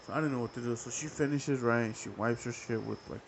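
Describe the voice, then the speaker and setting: Gravelly young man telling a story. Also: medium pitch, fast talker, a little hiss or hum, rough recording. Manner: profane, rambling, animated. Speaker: podcast host. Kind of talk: casual storytelling.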